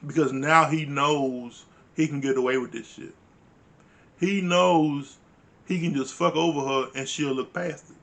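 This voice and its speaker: A man's voice: on the high side, steady tone, measured pace, vocal fry, a bit bright. A man giving a casual recap of a reality show, blunt, profane and exasperated, with informal grammar. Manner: uses informal dialect grammar. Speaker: reality TV reviewer.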